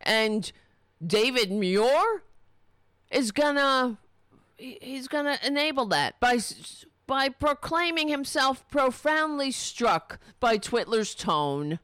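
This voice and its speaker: A woman's voice: high voice, big pitch swings, slow pace, fairly bright tone, clear, resonant tone, dry recording, clean studio sound. A woman delivering an angry, sarcastic and profane political rant. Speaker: political commentator.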